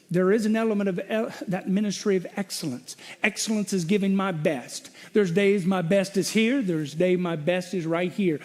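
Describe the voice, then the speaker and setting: A middle-aged male pastor preaching a sermon, telling a personal story and shifting between loud venting and quiet reflection. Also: high-pitched.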